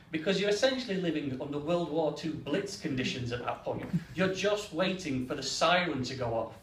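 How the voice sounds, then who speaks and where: An English man works through a stand-up set, acting out the people in his stories. His voice sits high and swings widely in pitch. It rings through a roomy space, picked up from a distance with faint ambience behind. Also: moderate pace, hardly any pauses, slight background noise. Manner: animated, acts out the characters. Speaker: stand-up comedian. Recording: echoey room, mic from far off.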